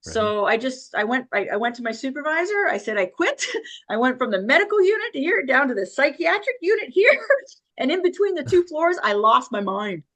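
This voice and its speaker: Woman in her 50s, emotional storytelling, bit of a higher voice, laughs nervously now and then. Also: sing-song, fairly quick, a bit bright. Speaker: interview guest. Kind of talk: personal storytelling in an interview.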